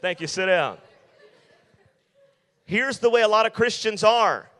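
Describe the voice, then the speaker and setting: A man's voice: high voice, expressive, unhurried, fairly bright tone, in a large hall, a faint crowd. A male youth pastor preaching to teenagers in an emphatic style, repeating his key lines. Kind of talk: sermon.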